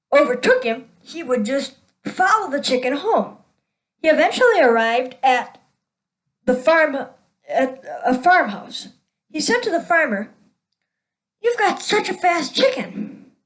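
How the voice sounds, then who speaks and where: A woman's voice: high voice, poor audio. A woman hosting her own show, telling a string of jokes and laughing at her own punchlines. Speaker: show host.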